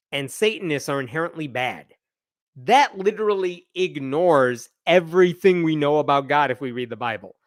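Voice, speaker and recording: A man's voice: a little high, dry recording, clean studio sound. A man hosting a live news roundup, giving wry, exasperated commentary and reading passages aloud.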